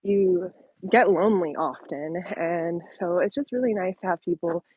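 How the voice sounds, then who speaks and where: Lady doing a live q&a while hiking with her dog, kinda breathy and winded, lots of ums and likes. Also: lowish voice, moderate pace, phone-quality sound. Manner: chatty, many ums and likes, laughing lightly. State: out of breath from walking. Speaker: vlogger hosting a live Q&A. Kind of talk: casual live-stream chat. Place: outdoor trail while walking a dog. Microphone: handheld phone at arm's length.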